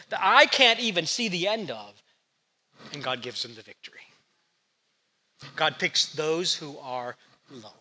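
A man preaching a sermon, telling Bible stories in a lively way and putting questions to the congregation. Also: on the high side. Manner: animated storytelling preacher, asks the congregation questions. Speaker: pastor.

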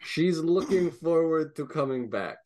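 A man narrating a tabletop game as dungeon master, measured and thinking aloud. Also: a little high, lively intonation, darkish tone.

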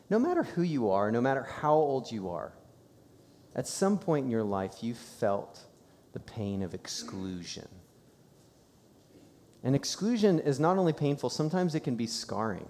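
A man's voice: mid-range voice, lively intonation, normal speed, a little mellow, big-room sound. A man preaching a sermon in a church, telling a personal story in a conversational way. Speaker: pastor. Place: church sanctuary.

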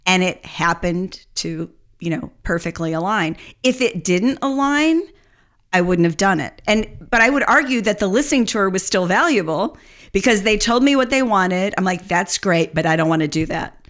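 A woman's voice: mid-range voice, moderate pace. Middle-aged woman consultant chatting on a podcast, candid, laughs a lot, voice jumps around. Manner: candid, animated, laughs often. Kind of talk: candid conversational interview.

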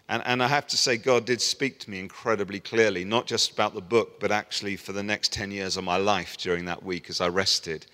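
A middle-aged man preaches, telling a story and acting out the voices of the people in it. His voice is bright and forward. It rings out with a long reverb, as if he stands in a large hall. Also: fairly low pitch. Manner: storytelling, animated voicing of quoted people. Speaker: pastor. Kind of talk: sermon.

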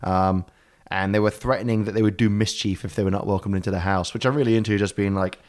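A man's voice: fairly low pitch, steady tone, quick pace, a little mellow. A man co-hosting a podcast, telling folklore in a rambling, improvised, swearing comic style. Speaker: podcast co-host. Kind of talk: casual comedic chat.

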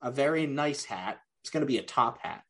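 A man's voice: mid-range voice, lively intonation, a little fast, a bit bright, husky. A man co-hosting a casual podcast, joking, laughing often and drifting into tangents. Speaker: podcast co-host. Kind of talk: casual chat.

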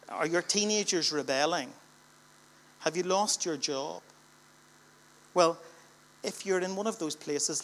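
A man's voice: fairly high pitch, fairly bright tone, a little hiss or hum. Northern irish guy preaching in church, middle-aged, stacks up repeated lines and punches them hard. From Northern Ireland. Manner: rhetorical, building repetition with emphatic swells. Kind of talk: sermon. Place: church gathering.

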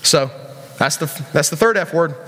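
A high-voiced man preaches to young people in a casual, joking way, often asking the crowd questions. His voice carries a long reverb from a church hall. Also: lively intonation, normal speed, sharp tone. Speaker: youth pastor. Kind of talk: sermon.

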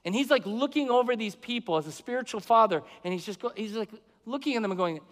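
A man's voice: high-pitched, lively intonation, quick pace, hardly any pauses. A middle-aged man preaching a sermon, conversational, asking the congregation questions and acting out the people he quotes. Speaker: pastor. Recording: long hall reverb.

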